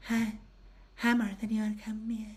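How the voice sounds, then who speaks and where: A man voicing a meek, submissive churchgoing woman who mumbles in a soft, barely audible, sing-song murmur. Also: high-pitched, completely flat delivery, brisk, slightly rough, pitched above the performer's own voice. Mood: meek hushed.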